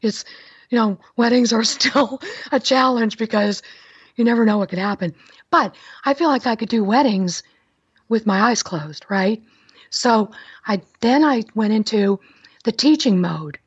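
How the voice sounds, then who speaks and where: A woman's voice: fairly high pitch, measured pace, no room sound, lo-fi sound. A middle-aged woman, chatting upbeat as a guest in an interview. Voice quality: raspy. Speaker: guest, wedding planner. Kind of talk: casual interview talk.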